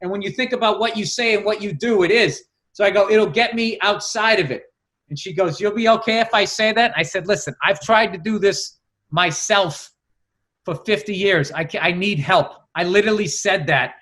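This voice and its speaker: High-voiced man telling comic stories. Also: moderate pace, bright, forceful tone. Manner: storytelling, acting out voices, swearing. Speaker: podcast co-host. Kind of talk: casual comedic chat.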